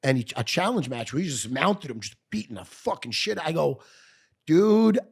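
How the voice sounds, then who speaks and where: A man's voice: medium pitch, sing-song, fairly quick, gravelly, breathy edge. A middle-aged man, telling a blunt, profane story as a guest in a podcast studio. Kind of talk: storytelling in conversation.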